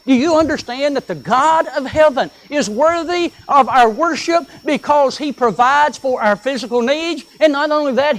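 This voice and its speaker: A preacher with a notably high voice delivers a sermon to his congregation. He swings between pressing, emphatic points and quieter asides, and slows right down whenever he reads from scripture. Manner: earnest, rising and falling with emphasis, reads scripture slowly. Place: church sanctuary.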